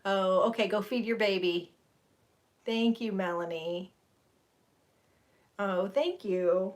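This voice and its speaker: A woman's voice: mid-range voice, slow pace. A middle-aged woman, chatting casually with viewers on a livestream, rambling and laughing. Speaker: livestream host. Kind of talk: casual chat with live viewers.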